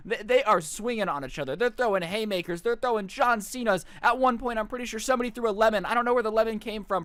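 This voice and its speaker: A young man streaming, telling a long story in a casual, jokey, rambling way, often slipping into quick voices for his friends. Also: sits high, fairly bright tone, no echo.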